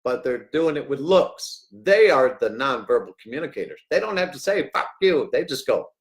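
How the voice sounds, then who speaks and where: A middle-aged man hosting a rambling livestream, jokey and swinging between loud outbursts and hushed asides. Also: mid-range voice, big pitch swings, moderate pace. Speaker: livestream host.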